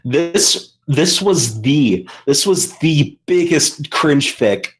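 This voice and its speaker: A man's voice: fairly high pitch, lively intonation, very slow, rough recording. Guy on a podcast rambling thru a story, swears a lot, lots of um and uh. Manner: rambling storyteller, heavy swearing, many fillers. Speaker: podcast co-host. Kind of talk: casual chat.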